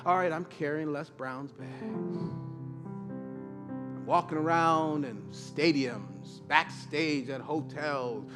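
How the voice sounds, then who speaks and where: A man's voice: fairly high pitch, slow pace, over music. A male pastor preaching a sermon through a humorous personal story with playful asides.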